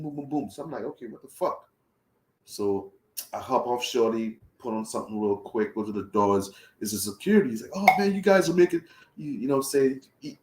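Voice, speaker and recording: A young man telling a travel story in casual, profane talk, acting out his own reactions as he goes. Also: mid-range voice. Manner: profane, animated retelling with voiced reactions. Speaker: travel vlogger. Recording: roomy echo.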